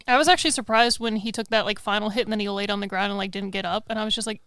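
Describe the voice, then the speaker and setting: A woman's voice: mid-range voice, steady tone, very fast, fairly bright tone, smooth, no room sound. A woman co-hosting a casual podcast, wry and sarcastic, swearing casually. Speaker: podcast co-host.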